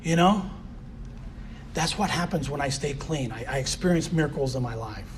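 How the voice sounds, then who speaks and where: A man's voice: fairly high pitch, animated, normal speed, slight background noise. A man giving a candid personal recovery share as a convention speaker, often saying "you know".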